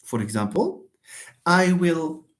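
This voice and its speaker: Man, Moroccan accent, English teacher, lively pitch, repeats himself, calls on students. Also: takes it slowly. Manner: switches between English and Darija, repeats key points; animated, calls on students by name. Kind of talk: online classroom lesson.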